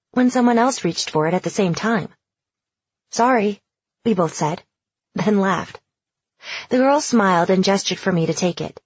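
Woman narrator, husky, dry close mic, dull lo-fi audiobook reading in first person. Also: lowish voice, no echo.

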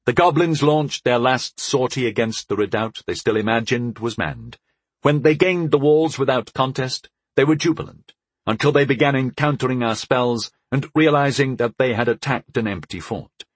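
A man narrating a first-person fantasy story in an expressive storytelling manner. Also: mid-range voice, normal speed, dry recording. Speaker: audiobook narrator.

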